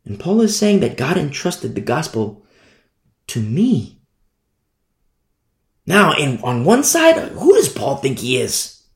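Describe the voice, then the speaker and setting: Slow, with long pauses and huge swings in pitch, a pastor with a slightly high voice delivers a verse-by-verse expository Bible sermon in a reverberant setting. He repeats phrases and asks rhetorical questions.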